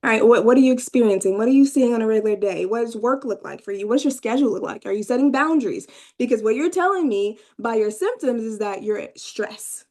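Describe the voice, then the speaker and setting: A woman's voice: fast, hardly any pauses, a little mellow. A woman presenting a mental health workshop to a room and a video call, talking conversationally, asking the audience questions and often checking in with "right?". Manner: acts out clients' inner voices with rising pitch. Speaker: workshop presenter, therapist trainee.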